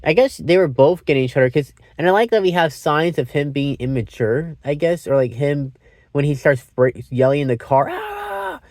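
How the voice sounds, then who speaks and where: A man's voice: on the high side, fairly quick, a little mellow, no room sound, clean studio sound. A man giving a casual, meandering movie review, often restarting his sentences and swearing freely. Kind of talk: casual rambling film review.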